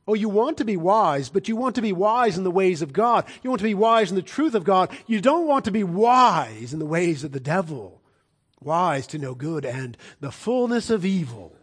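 High-pitched emphatic male preacher. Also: animated, normal speed, slightly rough. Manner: emphatic, swings between loud declarations and hushed low delivery. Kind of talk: sermon.

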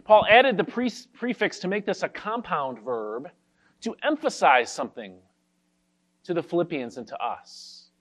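High-voiced man preaching a Bible sermon. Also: very animated, fairly bright tone. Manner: careful, explanatory teaching with scripture quotes read slowly. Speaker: pastor. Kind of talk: expository sermon.

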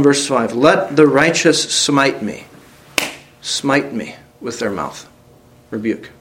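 A man preaches at a medium pitch, reading scripture aloud and addressing questions straight to the congregation. Earnest throughout, he rises to emphatic high points and then drops to a softer tone.

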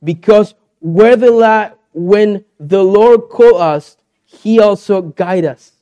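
A man's voice: high-pitched, slow pace, warm tone, muffled recording. A man from South America, a pastor preaching a sermon in earnest, repeated phrases, with a young daughter.

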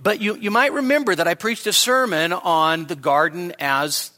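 A man with a high-pitched voice preaches an expository sermon at a church service, keeping a moderate pace. He puts rhetorical questions to the congregation, hits key words hard, and slips into quiet asides.

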